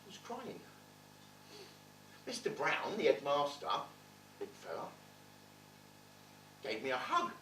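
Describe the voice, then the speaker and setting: A man performing a stage monologue, playing a streetwise man telling his rough childhood with blunt, swearing wit. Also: on the high side, wildly swooping pitch, slow pace, long pauses, fairly bright tone, slight background noise, exaggerated voice. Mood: wry. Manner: wry, blunt, swearing storyteller. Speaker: stage actor in a one-man play. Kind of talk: theatrical monologue storytelling. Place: theatre stage. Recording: roomy theatre, distant mic.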